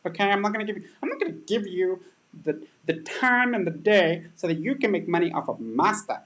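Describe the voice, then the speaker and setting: A man voicing a snooty, whiny online debater who sneers and brushes people off in a high mocking tone. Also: animated, fairly quick, fairly bright tone. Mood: sneering. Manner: high, sneering, petulant mockery.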